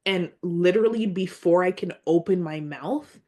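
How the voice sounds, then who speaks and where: A woman's voice: lowish voice, mellow. A woman speaking as a podcast guest, telling a personal story in a heartfelt, earnest way and sometimes near tears. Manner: heartfelt, earnest, slow and reflective.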